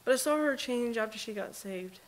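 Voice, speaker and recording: A woman's voice: on the high side, animated, a little fast. A middle-aged woman, a mother speaking at a memorial service, telling earnest, folksy stories about her daughter with lots of quoted dialogue. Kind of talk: personal eulogy storytelling. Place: church sanctuary.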